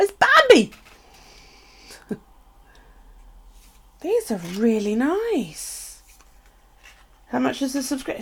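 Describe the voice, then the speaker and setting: A middle-aged British woman with a gravelly, husky mid-range voice live-streams her crafting, chatting casually with viewers. She unboxes craft supplies and gushes over each one.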